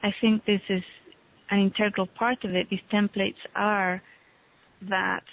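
Slow-spoken woman on a tinny call. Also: medium pitch, level tone, creaky. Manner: slow, halting, searching for words. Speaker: guest on a call. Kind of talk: casual conversation on a call. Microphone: call audio. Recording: tinny phone-line call.

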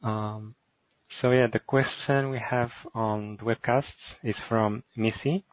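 A male host reads listener questions aloud, politely and haltingly, pausing often on fillers. His pitch is ordinary for a man. The call audio is dry and thin, like a phone line. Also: fairly even intonation, no echo. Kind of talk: hosting and reading out audience questions.

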